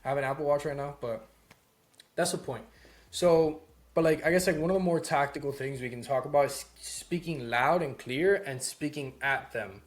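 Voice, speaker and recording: A young man teaches a casual lesson on sales calls from his home office, speaking in a somewhat high voice at normal speed. The sales course instructor's delivery is loose and conversational, full of "like" and "right?".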